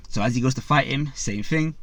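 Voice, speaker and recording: Speaking fairly quickly in a mid-range voice, this man runs a boxing channel and casually recounts a story packed with fillers. Along the way he voices the people involved and talks directly to his audience.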